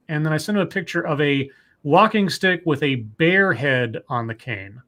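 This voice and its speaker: Wry man with a higher voice. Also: animated, brisk, fairly bright tone. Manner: wry, joking, reads out tweets. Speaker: podcast host. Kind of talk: casual chat.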